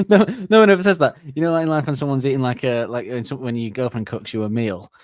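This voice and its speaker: A man's voice: mid-range voice, brisk, dry recording. Laughing man hamming up lyrics. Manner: playful, laughs often, acts out silly cartoon voices. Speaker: podcast co-host. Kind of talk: comedic lyric breakdown.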